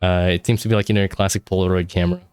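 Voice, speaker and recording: A man's voice: low-pitched, fairly even intonation, racing, darkish tone, clean tone, dry recording, studio quality. A man narrating as game master, teasing his players in a joking manner. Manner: joking, teasing, laughs often.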